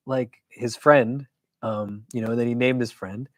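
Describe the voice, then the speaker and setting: A man, an imam, teaching a weekly religious class in a casual, conversational way. He keeps checking in with his listeners and tells stories with quick asides. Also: medium pitch, no room sound. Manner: conversational, keeps asking "do you know?"; animated storytelling with quick asides.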